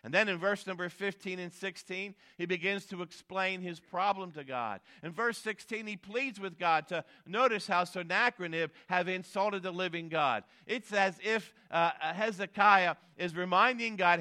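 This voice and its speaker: A pastor preaching a sermon, building emphatic swells and dropping low at the end of phrases. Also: male voice, moderate pace, few pauses, pushed and bright.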